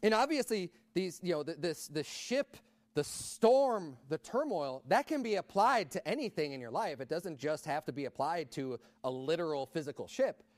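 A man preaching a sermon in a conversational way, rising to loud emphatic peaks. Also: fairly high pitch, expressive, normal speed, no echo.

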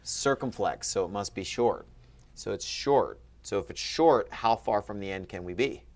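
Low-voiced man teaching Greek. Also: moderate pace, darkish tone. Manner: patient, quizzing, upbeat. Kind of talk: one-on-one lesson.

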